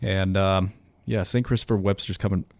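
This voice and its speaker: A man's voice: sits low, fairly even intonation, normal speed, vocal fry, no room sound, clean studio sound. A young man hosting a college radio metal show, chatting casually in a rambling, self-mocking way. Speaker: radio host.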